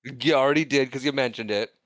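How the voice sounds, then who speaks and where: A man's voice: medium pitch, fast, a bit bright, no room sound. A man co-hosting a casual movie podcast, laughing often and reading out the credits. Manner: laughing, self-deprecating, reads credits aloud. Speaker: podcast co-host. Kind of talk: casual chat.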